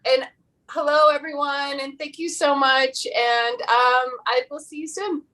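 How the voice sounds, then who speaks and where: A woman's voice: sits high, steady tone, measured pace, pushed and bright. A woman guest on a video call, telling a meandering story in a casual interview chat. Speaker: nominated actress guest. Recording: distant from the mic.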